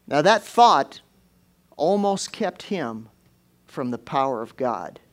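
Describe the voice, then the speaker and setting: A man's voice: on the high side, sing-song, slow. Folksy man preaching a sermon. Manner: folksy, conversational, with repeated "you know" and rising exclamations.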